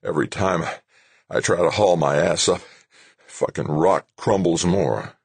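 A man voicing a gruff male astronaut trapped in a hole, speaking in clipped, panting phrases. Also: sits low, a little slow, dry recording, heavily acted. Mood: strained.

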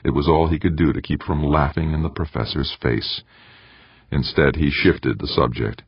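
A man narrating a novel in a measured, even storytelling manner. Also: extremely low pitch, husky, no room sound. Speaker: audiobook narrator. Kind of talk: scripted narration. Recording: dull, muffled audiobook recording.

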